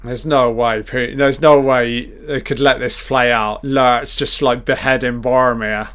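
A man gives a live reaction commentary over a film, blurting out excited, profanity-laden remarks. His voice is smooth and clear, and he talks at an unhurried pace even when he gets worked up. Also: medium pitch.

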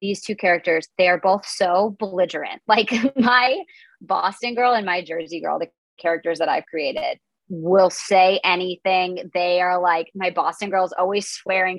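A woman in her twenties talks in a casual, upbeat podcast chat, her words tumbling out between filler words. Her voice sits on the low side, with a gravelly fry. The sound is dry and close. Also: moderate pace, no room sound, poor audio. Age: 20s. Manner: chatty, upbeat, lots of "like" fillers. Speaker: comedian and content creator, guest.

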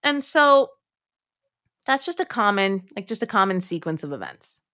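A woman's voice: mid-range voice, moderate pace. A woman, a mom coach, talking as a podcast guest in an emphatic, direct way, acting out the thoughts she quotes. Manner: emphatic, direct, addresses listeners as "my friends"; acts out quoted thoughts in lively voices. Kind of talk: podcast interview.

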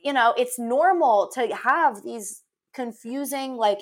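A woman's voice: fairly high pitch, unhurried, fairly bright tone. A young woman co-hosting a podcast, giving earnest opinions full of "like" and "honestly" with emphatic reactions. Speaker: podcast co-host. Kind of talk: casual recap chat.

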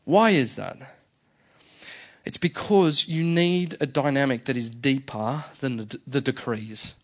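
A man's voice: mid-range voice, takes it slowly. A male senior pastor giving a sermon in a conversational way, often restarting his phrases. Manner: conversational, with frequent fillers and restarts.

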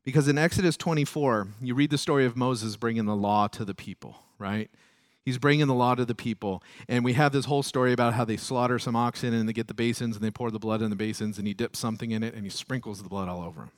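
A male pastor preaching a sermon, climbing loud and high when stirred, then dropping low and soft, and acting out prayers and quoted voices. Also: fast talker, no room sound, clean studio sound.

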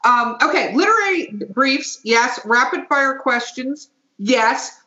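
A woman's voice: sits high, expressive, slow pace, bright, forceful tone. Tipsy woman podcast host, echoey room. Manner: joking, laughs often, swears casually. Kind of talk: casual chat. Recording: echoey room, dull lo-fi sound.

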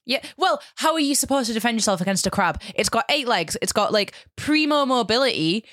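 A woman's voice: a little high, animated, fairly quick, fairly bright tone, no room sound, clean studio sound. Rambling woman, easily amused. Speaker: podcast co-host. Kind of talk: casual chat.

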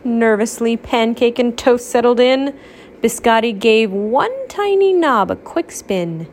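A mother reading a rhyming picture book aloud to her child at home, gently explaining words. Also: on the high side, expressive, a little slow, slight background noise.

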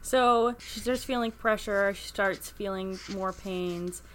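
Woman, podcast co-host, lively casual book chat, faint background noise. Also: medium pitch, slow. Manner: animated, acts out quoted lines in funny voices.

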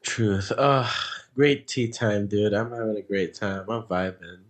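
A man's voice: lowish voice, measured pace. A man guesting on a podcast, chatting casually and throwing in teasing, slangy quips. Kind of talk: casual chat.

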